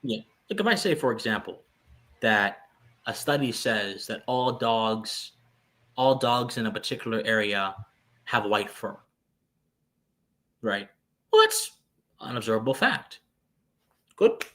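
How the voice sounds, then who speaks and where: A man's voice: fairly low pitch, big pitch swings, unhurried, pauses often, fairly bright tone. A man co-hosting a podcast, giving lecturing philosophical commentary with searching restarts and sudden emphatic jumps. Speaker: podcast co-host.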